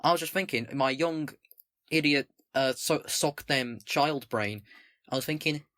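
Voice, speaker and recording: A man's voice: fairly high pitch, a little slow, a bit bright, no echo. A young man reading a document aloud with commentary, swearing casually, stumbling over words and mocking himself in asides. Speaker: political commentator.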